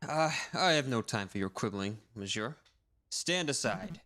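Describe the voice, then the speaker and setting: A man's voice: mid-range voice, expressive, a little slow, fairly bright tone. Pompous falcon lawyer, stern and haughty, game character, read by a man.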